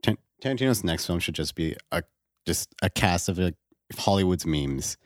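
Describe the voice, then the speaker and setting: A young man with a lowish voice co-hosts a podcast in casual banter. He keeps joking and teasing his friends. The sound is dry and close. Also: expressive, normal speed, no room sound. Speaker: podcast co-host.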